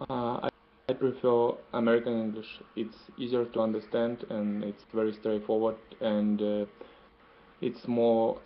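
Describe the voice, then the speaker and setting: Hesitant man answering in a flat voice. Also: on the low side, moderate pace, dull audio. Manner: hesitant, many uhs, laughs easily. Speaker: student. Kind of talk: answering in class.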